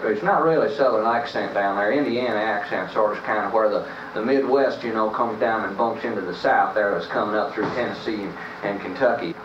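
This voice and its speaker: Relaxed man, dull roomy recording. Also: fairly low pitch, fairly quick, slight background noise. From New Jersey. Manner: relaxed, hesitant with fillers. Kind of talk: interview and instruction. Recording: distant, roomy, dull lo-fi mic.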